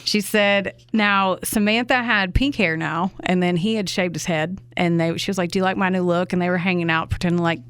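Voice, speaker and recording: A fairly low-voiced woman tells a true crime story to her co-host. She talks casually and swears freely when something angers her. The sound is dry and close, with no room around it. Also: fairly even intonation, normal speed, few pauses, fairly bright tone, clear, resonant tone, no echo. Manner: conversational, swears freely, indignant asides.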